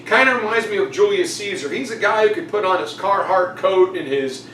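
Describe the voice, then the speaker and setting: A man's voice: high voice, expressive, brisk, a bit bright, echoey room, recorded from a distance, a little hiss or hum, low-quality recording. A man teaching a casual exam review, jokey and chatty, acting out quotes. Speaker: history teacher.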